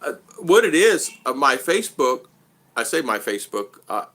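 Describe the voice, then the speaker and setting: A man's voice: medium pitch, sing-song, moderate pace, fairly bright tone. A middle-aged American man vlogging in a casual livestream chat, rambling and repeating himself. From United States.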